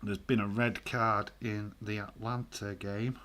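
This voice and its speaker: A man's voice: on the low side, level tone, measured pace, fairly bright tone. A man with a Yorkshire accent hosting a live stream, chatting in a jokey, laid-back way, with frequent fillers and swearing. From Yorkshire, northern England. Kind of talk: casual live stream chat.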